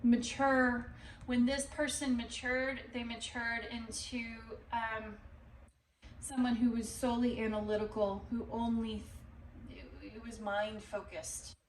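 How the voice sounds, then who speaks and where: A woman gives a tarot reading in a loose, rambling way, swearing now and then. She talks slowly in a slightly high voice. She sits some way from the mic in an echoey room. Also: distant mic, a little hiss or hum. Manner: rambling, animated, swears and laughs. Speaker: tarot reader.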